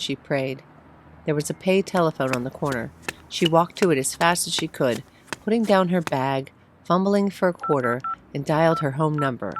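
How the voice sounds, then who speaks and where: A woman narrating a short story, reading in measured, phrase-by-phrase delivery. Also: low-pitched, a little hiss or hum. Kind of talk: read-aloud short story.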